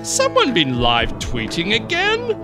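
A shrill, camp comic-story supervillain, gloating in a high squeal with wildly swooping pitch. He drags out his taunts and cackles, all over a bed of music. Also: wildly swooping pitch, takes it slowly, full character voice. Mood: annoyed.

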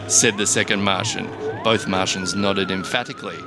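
Man telling a deadpan comic tale. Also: on the low side, normal speed. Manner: dry, deadpan storytelling with occasional laughs. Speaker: storyteller. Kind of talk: comic first-person story reading. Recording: background music.

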